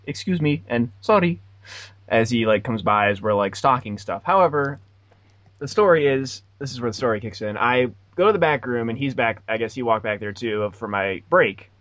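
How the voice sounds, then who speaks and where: A man's voice: mid-range voice, brisk, a bit bright, no echo, lo-fi sound. A young man in his twenties hosting a podcast, telling a rambling story in a sarcastic, casual way. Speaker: podcast host. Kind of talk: casual chat.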